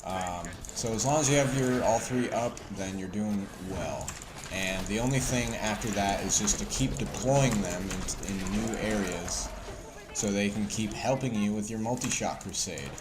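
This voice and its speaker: A man's voice: fairly low pitch, moderate pace, noisy background. A man casually commenting over his gameplay, loose and profane, with lots of ums and a Southern US accent. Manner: loose, profane, filler-heavy. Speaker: gameplay video host.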